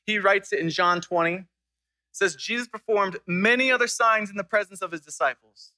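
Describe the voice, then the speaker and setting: Young male pastor, high and bright voice, animated storytelling sermon, dry close sound. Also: moderate pace, dry recording, poor audio.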